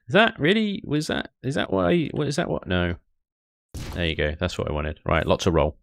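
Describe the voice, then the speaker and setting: Chuckling streamer, low voice. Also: male voice, wildly swooping pitch, moderate pace, long pauses, no echo, clean studio sound. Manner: thinks aloud, chuckles often, chats to viewers. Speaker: game streamer. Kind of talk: casual live-stream chat while building in a game.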